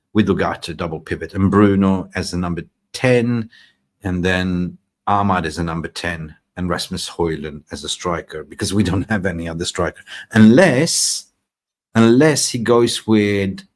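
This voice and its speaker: A man from Sweden hosting a fan live stream, chatting excitably and reading out viewer comments. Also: on the low side. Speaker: fan channel host. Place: in Thailand.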